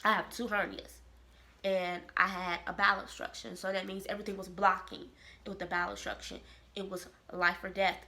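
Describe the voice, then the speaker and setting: A woman from Kansas City, telling a personal story to camera in a lively, expressive way. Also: medium pitch, a little fast. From Kansas City, Missouri. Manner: animated, expressive storytelling with quoted voices. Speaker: vlogger. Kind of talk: casual storytelling.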